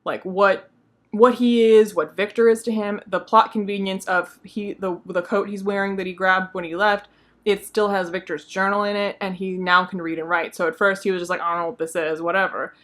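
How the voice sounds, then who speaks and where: A woman book vlogger walks through a plot in a loose, conversational recap. She peppers her talk with fillers, in a voice of middling pitch. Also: fairly even intonation, normal speed. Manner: chatty, many fillers like "like" and "um".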